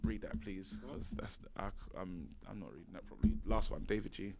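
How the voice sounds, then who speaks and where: A man's voice: low voice, fairly quick, vocal fry, a little mellow, a little hiss or hum. A man co-hosting a football fan show, reading viewer comments in a jokey, stumbling way with many fillers. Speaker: fan channel co-host.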